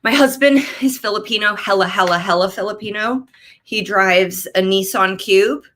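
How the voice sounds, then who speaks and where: Woman comic in her thirties, bright edgy voice, ranting stand-up with squeaky spikes, computer mic at home. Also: moderate pace. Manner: animated, ranting, jumps into high-pitched outbursts. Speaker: stand-up comedian. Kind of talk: stand-up comedy set over video call. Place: home office.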